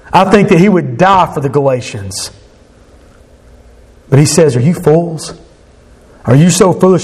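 A man's voice: high voice, darkish tone. A man preaching a sermon as pastor, earnest, voicing quoted speakers with emphasis.

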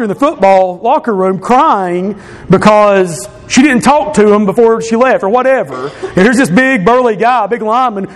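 A man telling his personal testimony in an earnest way, repeating phrases for emphasis. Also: sits high. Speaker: speaker giving a testimony.

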